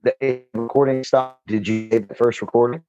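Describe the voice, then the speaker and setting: A man's voice: mid-range voice, fairly even intonation, moderate pace, dark tone, no room sound, highs cut off, soft background music. A man talking casually on a podcast, laid-back, swearing and joking.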